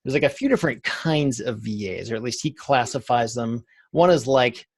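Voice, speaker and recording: A man's voice: medium pitch, lively intonation, normal speed, slightly rough, no echo. A man hosting an interview podcast, chatting casually and filling his talk with "like". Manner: conversational, loose with fillers like "like". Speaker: podcast host.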